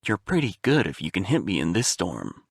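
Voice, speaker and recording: Snake, a man doing a gravelly, gruff soldier. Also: big pitch swings, normal speed, dry recording, clean studio sound, exaggerated voice. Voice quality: gravelly, low. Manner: blunt, terse, snarling. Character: grim, hardened male soldier, gruff and blunt. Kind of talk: audiobook character voice.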